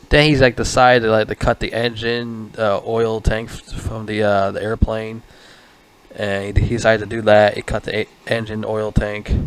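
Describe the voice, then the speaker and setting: A man giving a casual spoken movie review, rambling, swearing often and stumbling over his words. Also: fairly low pitch.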